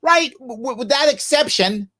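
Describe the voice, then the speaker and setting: A man's voice: extremely high pitch, animated, moderate pace, sharp tone. A male podcast host giving mocking, sarcastic commentary on clips that he plays back.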